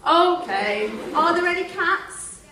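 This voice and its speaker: A woman's voice: extremely high pitch, expressive, takes it slowly, reverberant. A woman performing whimsical live comedy storytelling to an audience, playful and teasing. Recorded on a distant phone in a noisy room.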